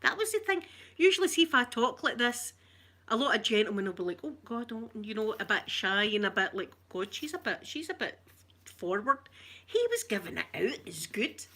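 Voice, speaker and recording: A woman's voice: on the high side, very animated, moderate pace, bright, forceful tone. A middle-aged Scottish woman chatting to her live-stream viewers, bawdy, flirtatious and full of stories. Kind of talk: casual live-stream chat.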